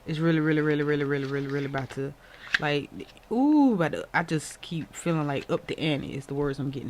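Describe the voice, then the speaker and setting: Excitable tarot reader, casual and chatty, talks right to the viewers, repeats words, laughs often, middle pitch. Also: fast talker, a little hiss or hum. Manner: addresses viewers directly and warmly encourages them. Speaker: tarot reader and channel host.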